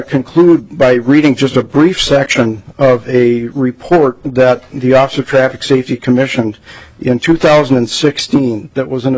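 A man, a state traffic safety director, giving measured formal testimony at a legislative hearing with frequent pauses and fillers. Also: medium pitch, darkish tone, breathy edge, rough recording.

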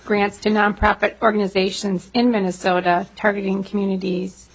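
Gravelly, husky-voiced woman legislator. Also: mid-range voice, little pitch movement, moderate pace, poor audio. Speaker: state representative. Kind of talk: legislative committee hearing.

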